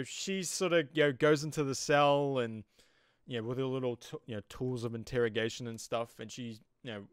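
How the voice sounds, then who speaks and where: A man's voice: medium pitch, a bit bright, clean tone, dry recording, clean studio sound. A man with a New Zealand accent giving a casual, rambling episode review, full of "you know" fillers. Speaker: TV show reviewer.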